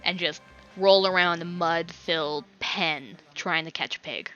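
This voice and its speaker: A woman's voice: lowish voice, unhurried, sharp tone, highs cut off, soft background music. A woman narrating a tabletop game as game master, rambling with lots of fillers. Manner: rambling, filler-heavy description.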